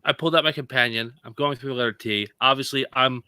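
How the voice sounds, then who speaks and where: A man's voice: mid-range voice, fairly even intonation, quick pace, bright, forceful tone, clear, resonant tone, no room sound. A man appearing as a podcast guest, talking hesitantly with many fillers in casual chat. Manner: hesitant, hedging.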